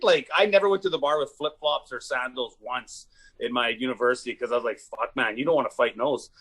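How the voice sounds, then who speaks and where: A young adult man from Canada, a comedian guest telling animated, profane stories in a casual chat and acting out the quotes. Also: medium pitch, brisk. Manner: animated, swearing, acts out quotes. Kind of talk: casual storytelling.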